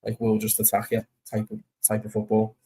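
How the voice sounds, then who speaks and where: A man's voice: lowish voice, completely flat delivery, a little fast, dark tone, slightly rough. A young man casually chatting and reading comments during a football watch-along stream, rambling and swearing now and then. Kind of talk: casual live-stream chat.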